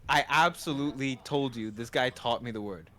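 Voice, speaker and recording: A man's voice: medium pitch, brisk, bright, forceful tone. A man co-hosting a podcast in casual chat, joking and teasing his co-hosts. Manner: joking, teasing, laughs often. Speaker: podcast co-host.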